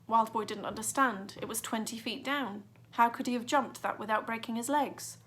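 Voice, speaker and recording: A woman's voice: on the high side, moderate pace, a bit bright, a little hiss or hum. A woman reading a children's adventure book aloud with dramatic expression. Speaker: narrator. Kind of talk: storybook reading.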